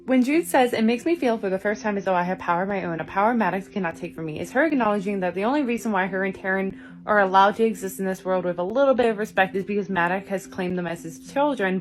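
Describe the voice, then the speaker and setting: Chatty young woman breaking down a book. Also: mid-range voice. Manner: chatty, enthusiastic, fillers like "like" and "you know". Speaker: book reviewer. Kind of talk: casual literary analysis.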